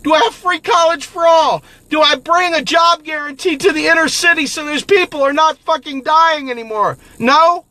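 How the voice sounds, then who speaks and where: A man voicing a self-satisfied man who brags about a fistfight in a boastful, mocking way, breaking into shouts. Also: very high-pitched, moderate pace, hardly any pauses, dry recording, voice pushed up, heavily acted.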